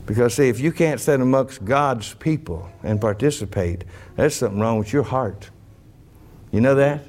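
A middle-aged man preaching a sermon, folksy and animated, breaking into shouted bursts. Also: mid-range voice, moderate pace.

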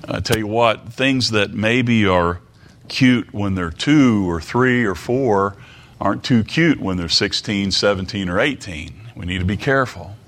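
A middle-aged male preacher with a fairly low voice delivers a sermon. He talks in a measured, deliberate way and often repeats a word or phrase to press a point home. He leans on rhetorical questions to draw the listeners in. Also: fairly bright tone. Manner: deliberate, repeats words for emphasis.

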